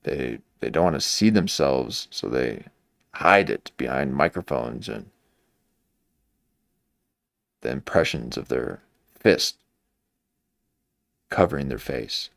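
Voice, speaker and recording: A man's voice: extremely low pitch, animated, a little slow, creaky, no room sound, studio quality. A man giving rambling, mocking live-stream commentary into a desk microphone. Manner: mocking, meandering, full of restarts.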